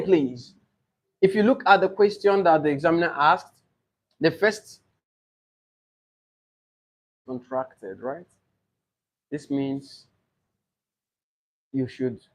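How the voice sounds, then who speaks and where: A man teaching exam preparation for English speaking tests, explaining slowly and repeating model answers aloud. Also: fairly high pitch. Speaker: IELTS tutor.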